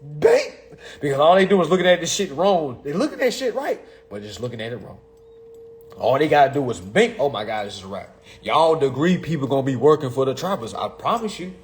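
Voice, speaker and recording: A man, talking in a profane, excitable casual monologue, reading legal text aloud and mocking it. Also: medium pitch, fast talker, a little hiss or hum. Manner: profane, excitable, laughs often, reads text aloud and mocks it. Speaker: commentator on consumer law.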